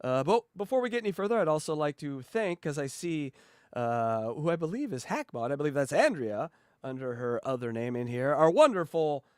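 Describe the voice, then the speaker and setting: A podcast host from the US West Coast chats casually in a fairly high, quick voice that is clear and resonant. He's animated and profane, swearing freely and doing impressions of radio voices.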